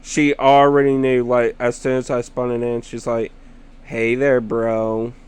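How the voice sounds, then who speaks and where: A man's voice: medium pitch, completely flat delivery, darkish tone, clean tone. A young man rambling casually about his sister and a game partner, telling stories with chuckles along the way. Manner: slow, rambling storytelling with chuckles. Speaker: gamer vlogger.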